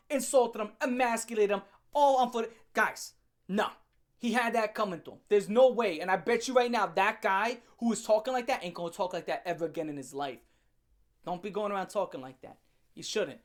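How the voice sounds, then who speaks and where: A man delivering a casual, profane reaction rant as an online commentator, mocking and swinging from loud bursts to low muttering.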